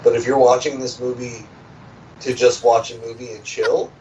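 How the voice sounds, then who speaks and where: A man co-hosting a movie podcast, speaking in a hesitant, measured way and restarting his words. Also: mid-range voice, level tone, warm tone, far from the mic, highs cut off, a little hiss or hum. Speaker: podcast co-host. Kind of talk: casual movie podcast chat.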